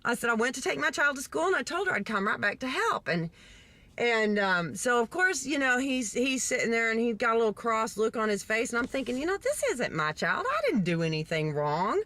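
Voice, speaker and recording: A woman from Texas telling a story in a vlog, in an animated, indignant way with acted-out quotes. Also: fairly high pitch, fairly quick. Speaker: vlogger.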